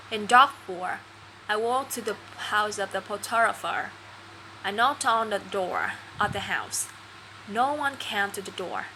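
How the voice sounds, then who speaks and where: Woman reading a practice story out loud, bright voice, slow careful delivery, faint hiss behind. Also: mid-range voice, rough recording. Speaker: reader. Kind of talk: reading a graded story aloud for pronunciation practice.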